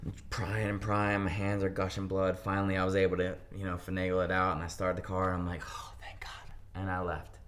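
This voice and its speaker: A young man from Pennsylvania with a fairly low voice, telling a story as an interview guest. He talks casually and acts out the lines of the people in it. A faint hiss sits under the recording. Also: fast. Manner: animated storyteller acting out quotes.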